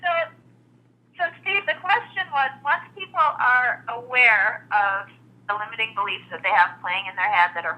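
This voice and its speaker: A woman from Canada co-hosting an interview, chatty and quick to giggle. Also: medium pitch, sharp tone, rough recording. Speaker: co-host. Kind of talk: casual interview.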